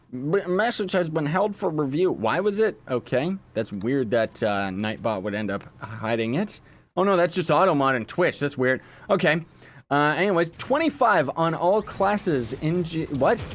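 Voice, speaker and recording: A man's voice: a little high, slight background noise. A man streaming gameplay live, joking at his own expense and reacting aloud to chat messages. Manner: jokey, self-mocking, reacts aloud to chat. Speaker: gaming streamer.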